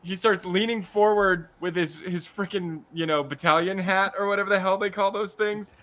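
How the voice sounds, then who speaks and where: Bright, animated man in casual banter. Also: sits high. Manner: animated, swearing, quick banter. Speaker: podcast co-host. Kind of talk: casual movie podcast chat.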